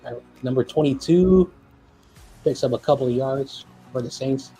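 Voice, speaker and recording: A man's voice: medium pitch, normal speed, dark tone, husky, faint music behind. A man co-hosting a live football stream in casual chat, rambling, joking and often losing his train of thought.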